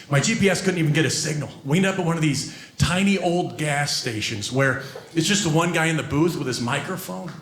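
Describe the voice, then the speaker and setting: A man performing a stand-up comedy set, telling stories about his family in an animated way. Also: a little high, reverberant, a little hiss or hum. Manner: animated storytelling, acting out quotes.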